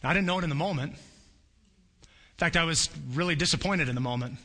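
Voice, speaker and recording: A man preaching a sermon, telling a personal story with animated storytelling and acting out voices. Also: fairly high pitch, a little fast. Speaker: pastor.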